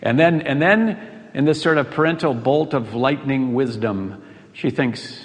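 A man's voice: mid-range voice, animated, moderate pace. A man pastor giving a sermon, telling stories with quoted voices and rhetorical questions. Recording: long reverb of a large hall.

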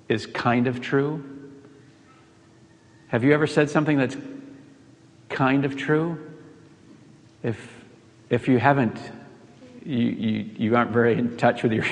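A man pastor giving a sermon, telling stories with quoted voices and rhetorical questions. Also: mid-range voice. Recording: long reverb of a large hall.

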